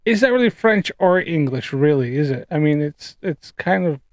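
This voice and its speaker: A man's voice: on the high side, animated, normal speed, no echo. A man from the Canadian prairies hosting a livestream, ranting and chatting casually in a profane, exasperated, rambling way. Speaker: streamer debunking flat earth claims. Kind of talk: casual livestream rant and chat.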